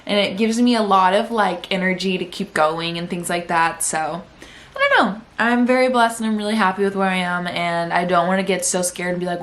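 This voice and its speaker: A woman's voice: on the low side, brisk, fairly bright tone. A young woman vlogging casually at home about her day, chatty and emotional, saying "like" a lot. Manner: chatty and emotional, heavy use of "like". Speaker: vlogger and podcaster. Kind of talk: casual day-in-my-life vlog talk.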